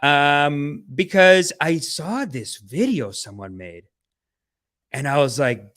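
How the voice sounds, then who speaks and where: A man hosting a livestream podcast, talking in energetic slang and playful mock-spiritual preaching, with big swings in loudness. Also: on the high side, slow pace. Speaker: podcast host.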